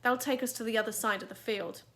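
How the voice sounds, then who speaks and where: A woman reading a story aloud, voicing a calm, steady schoolboy who speaks matter-of-factly. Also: fairly high pitch, quick pace.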